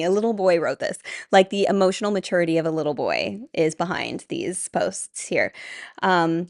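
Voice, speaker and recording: Earnest low-voiced woman vlogging. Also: lively intonation, normal speed, creaky, dry recording, studio quality. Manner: conversational, earnest, with frequent fillers and laughs. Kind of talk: candid commentary to camera.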